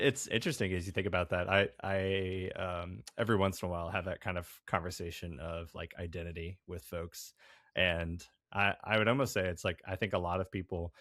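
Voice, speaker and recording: A man's voice: low-pitched, a bit bright, no echo, studio quality. A man hosting a podcast interview, asking questions casually and hedging with many filler words. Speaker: podcast host.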